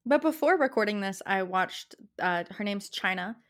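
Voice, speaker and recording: A young Canadian woman with a Canadian accent, hosting a casual solo podcast, talking passionately and chattily with a pitch that rises at the ends of phrases. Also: expressive, moderate pace. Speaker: podcast host.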